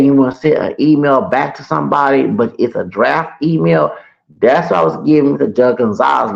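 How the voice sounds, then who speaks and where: Man, deep gravelly fry, mid pitch, casual livestream storytelling, rambling and profane, dull lo-fi audio. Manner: rambling, profane, repeats himself.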